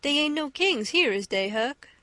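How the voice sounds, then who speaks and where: A woman's voice: sits high, animated, normal speed, sharp tone, no echo. A woman reading the lines of a stubborn grown man who keeps insisting in an argument with a boy, in an audiobook.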